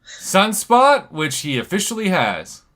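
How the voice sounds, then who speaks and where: A man's voice: high voice, sing-song, measured pace, sharp tone. A man hosting a live game stream, chatting casually and joking while reading viewer comments. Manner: jokey, chatty, reads viewer comments aloud.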